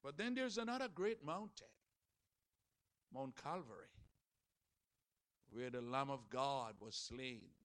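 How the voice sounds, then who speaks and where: A man preaching a sermon, dramatic, moving between loud shouted passages and hushed, quiet ones. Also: mid-range voice, slow pace, long pauses, no echo.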